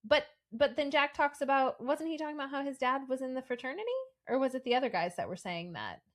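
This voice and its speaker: A woman's voice: high-pitched, animated, fast. A woman in her forties co-hosting a casual podcast chat, recapping in a chatty way and using "like" as filler throughout. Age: 40s. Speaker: podcast co-host.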